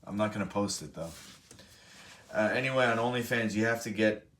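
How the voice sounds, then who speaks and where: A man's voice: fairly low pitch, fairly quick, a bit bright, a little hiss or hum. A young man hosting a live stream, telling a story to his chat in a rambling, profane, self-correcting way. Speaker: streamer host. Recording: roomy, from a distant mic.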